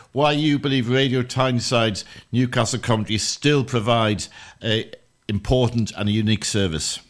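A man's voice: mid-range voice, a bit bright. A man hosting a radio football show, chatty and teasing, now and then stumbling over words.

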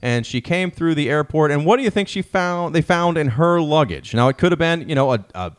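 A man's voice: on the high side, a little fast, clean tone. A man co-hosting a comedy podcast, telling odd news stories in a joking, casual way. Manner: joking storyteller, lively delivery. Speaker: podcast co-host.

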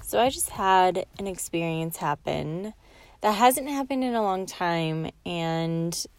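A woman's voice: lowish voice, faint music behind. A young woman hosting a podcast, telling a personal story in a chatty way, full of "like" fillers. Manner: soft, slow and soothing in the meditation, quietly whispering at times; chatty and animated, with many "like" fillers. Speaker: podcast host. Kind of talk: guided relaxation, then casual storytelling.

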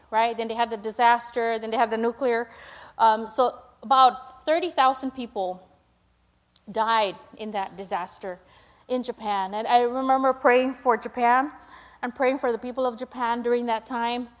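Young woman with a high voice preaching casually, lots of "um" and "right?". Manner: chatty, full of fillers and "right?"; acts out her own prayers in a higher, louder voice. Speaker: speaker at a church gathering. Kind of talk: informal sermon with slides.

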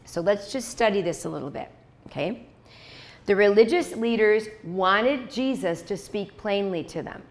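A woman's voice: mid-range voice, lively intonation, normal speed. A woman preaching a sermon in a conversational way, repeating key lines and checking in with "okay?" and "right?". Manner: acts out short dialogues in quoted voices.

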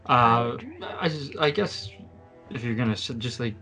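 A man talks in a casual podcast chat about his tabletop character. He speaks in a middling pitch, with frequent restarts and a self-mocking sense of humor. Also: measured pace, pushed and bright, soft background music. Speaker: tabletop game player.

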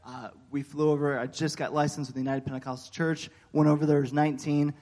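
An American man preaching a sermon, telling a personal story in a folksy, animated way with frequent fillers and amens. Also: on the high side, fast. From United States. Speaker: pastor.

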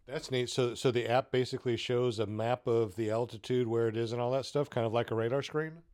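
A man's voice: mid-range voice, fairly even intonation, brisk, darkish tone, dry recording. A man hosting a casual interview, asking plain, enthusiastic questions. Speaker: host, interviewer.

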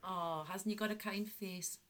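A woman co-hosting a casual podcast chat, teasing and quick to laugh. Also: medium pitch, fairly even intonation, a bit bright. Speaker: podcast co-host.

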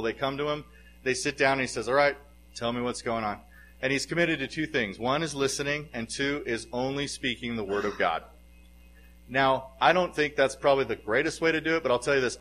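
A man's voice: medium pitch, fairly bright tone, rough recording. A middle-aged man preaching a sermon as pastor, earnest and emphatic, his voice swelling in bursts of force.

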